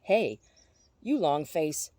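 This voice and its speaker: A woman's voice: low-pitched, expressive, a little fast, dark tone, dry recording. A woman voicing a cheerful old man in his seventies who dances through the rain and whoops with joy. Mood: jolly.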